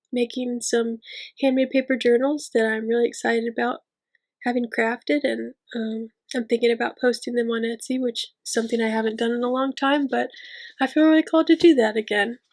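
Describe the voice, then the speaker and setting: Tearful, earnest woman vlogger. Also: a little high. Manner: soft, rambling, earnest and encouraging. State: tearful, weepy. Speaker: channel host reading a book aloud. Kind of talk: casual heartfelt vlog outro.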